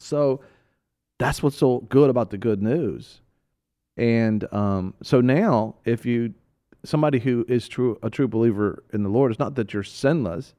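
A man co-hosting a Christian talk show, teaching in casual chat as an animated storyteller who laughs often. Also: medium pitch, a little slow.

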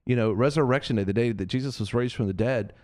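A man's voice: mid-range voice, fast talker, a little mellow, no echo, clean studio sound. A man hosting a Christian talk show, preaching earnestly and repeating phrases for emphasis. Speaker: host of a Christian TV and radio show.

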